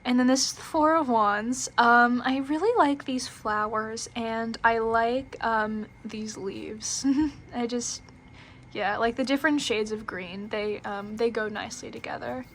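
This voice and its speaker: A woman's voice: a little high, steady tone, a little slow, fairly bright tone, a little hiss or hum. A young woman casually reviewing a tarot deck, chatty and giggly, with lots of fillers and restarts.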